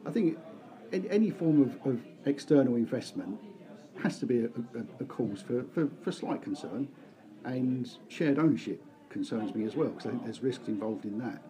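A man's voice: mid-range voice, expressive, moderate pace, mellow, rough recording. A man giving a thoughtful opinion on a casual fan podcast, stumbling a little as he starts his points. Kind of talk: casual pub podcast chat.

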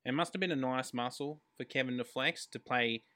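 Bright-voiced Australian man, joking co-host. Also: mid-range voice, brisk. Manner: joking, brief interjections. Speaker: podcast co-host. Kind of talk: casual chat.

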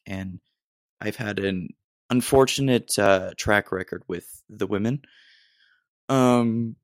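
Young American man, gravelly low voice, dry close sound, rambling self-deprecating podcast talk. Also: no room sound. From United States. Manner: rambling, self-deprecating, full of ums and restarts. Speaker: podcast host. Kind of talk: solo casual podcast monologue.

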